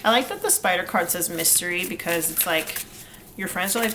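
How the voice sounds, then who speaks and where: Tarot reader young woman, lowish voice, rambling casual chat, faint room noise. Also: fairly quick. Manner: chatty, rambling, laughs often, lots of um and like. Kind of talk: casual pick-a-card tarot reading.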